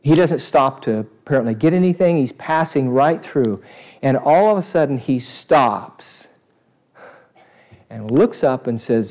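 A man preaching a sermon to a live congregation, animated and asking them questions. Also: mid-range voice, unhurried. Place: church service before a congregation.

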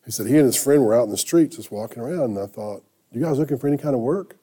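A male pastor delivers a sermon through a personal story. His voice is mellow and warm, and he talks conversationally, often pausing and restarting his sentences. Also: medium pitch, expressive, breathy edge.

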